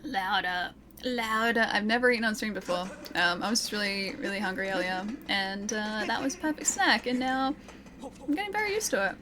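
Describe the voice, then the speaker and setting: Speaking a little fast in a medium pitch, with a little hiss or hum in the audio, a young woman streams a video game as game music plays. Her commentary is casual and chatty; she giggles between lines and reads chat messages out to her viewers.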